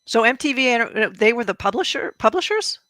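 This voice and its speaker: A woman co-hosting a casual chat, talkative and quick to agree. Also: a little high, sing-song, pushed and bright, no room sound. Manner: chatty, quick agreeing "yeah"s. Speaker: co-host.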